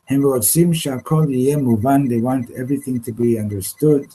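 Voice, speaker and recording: A man leading an informal Torah class, halting and restarting often, slipping Hebrew terms into his English. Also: mid-range voice, warm tone, slightly rough, rough recording. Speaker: Torah teacher. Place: study hall classroom.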